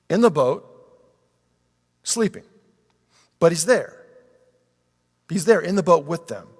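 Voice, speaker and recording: Animated male preacher in an echoing hall. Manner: animated, acts out quoted pleas with rising pitch. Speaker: pastor. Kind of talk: sermon. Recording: long reverb of a large hall.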